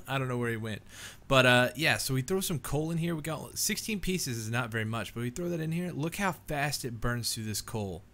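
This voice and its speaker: A man's voice: mid-range voice, animated, moderate pace, a bit bright. A young man hosting a gaming channel, giving casual let's play commentary at home in a rambling, easygoing way. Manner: rambling, easygoing, says "man" and "dude" a lot.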